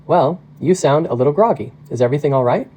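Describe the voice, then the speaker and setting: A man's voice: on the high side, animated, fast, warm tone, close to an everyday voice, rough recording. A man voicing a cheerful, caring wife who works as a nurse. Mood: cheery. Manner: cheery, concerned.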